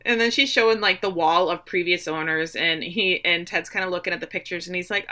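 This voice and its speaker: Bright-toned woman recapping a show casually, doing little voices for the quotes. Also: lowish voice, brisk, hardly any pauses. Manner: animated, acts out quotes in playful voices. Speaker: podcast co-host recapping a show.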